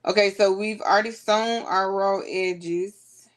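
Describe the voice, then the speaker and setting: A woman takes her time, talking at an unhurried pace. She chats casually to her viewers while she sews. Her tone is loose and conversational, and she stops now and then to check on her project. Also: medium pitch, steady tone. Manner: chatty, talks to viewers while working. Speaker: sewing vlogger. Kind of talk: casual sewing tutorial.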